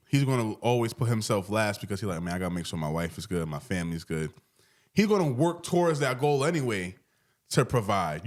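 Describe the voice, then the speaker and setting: A man speaking. He co-hosts a podcast and tells stories in a relaxed, slangy, conversational way. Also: fairly low pitch. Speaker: podcast co-host. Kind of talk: casual chat.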